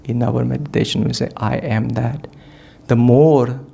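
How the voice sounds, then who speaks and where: A man leads a satsang, speaking in a gravelly, creaky voice. He is reflective and keeps asking his listeners rhetorical questions as he teaches. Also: medium pitch, fairly even intonation, measured pace, dark tone. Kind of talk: devotional talk. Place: meditation hall.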